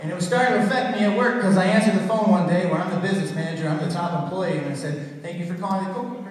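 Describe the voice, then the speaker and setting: A man's voice: high voice, fairly even intonation, racing. A man in his thirties doing a crude, rambling stand-up comedy set on a theater stage. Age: 30s. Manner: crude, rambling storytelling with many put-on voices. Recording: echoey hall, from far off.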